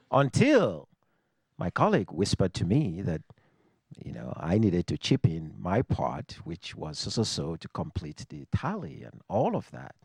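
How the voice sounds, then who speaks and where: A man from Nigeria with a Nigerian accent, telling a personal story on stage to a live audience in a reflective, wry way with dramatic pauses. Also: mid-range voice, darkish tone, no echo.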